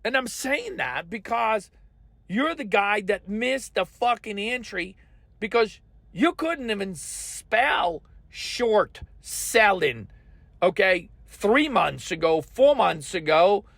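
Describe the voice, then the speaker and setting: A man's voice: sits high, lively intonation, slow pace, vocal fry, a bit bright, no room sound. A man hosting a market commentary podcast, ranting in a profane, scolding and emphatic way.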